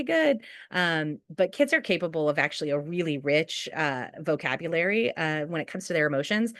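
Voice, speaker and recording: Low-voiced woman giving a chatty training talk. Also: a bit bright, no room sound, studio quality. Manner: chatty, often asks "right?" and acts out quotes. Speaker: school outreach trainer. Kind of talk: conversational webinar training talk.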